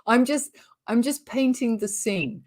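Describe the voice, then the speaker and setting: A woman's voice: on the high side, measured pace. British woman in her forties telling anecdotes. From Britain. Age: 40s. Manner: animated, sweary anecdote telling. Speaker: comedian guest. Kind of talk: casual storytelling chat.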